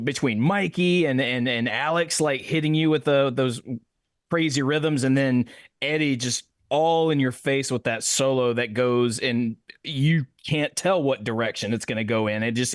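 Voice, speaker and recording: A man on a music podcast making his point with gusto, piling on repeated phrases as he builds it up. His voice sits at an ordinary pitch for a man. It is recorded dry and close, with no room sound. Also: dry recording. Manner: emphatic, animated, repeats phrases for effect. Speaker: podcast co-host. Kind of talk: casual chat about music.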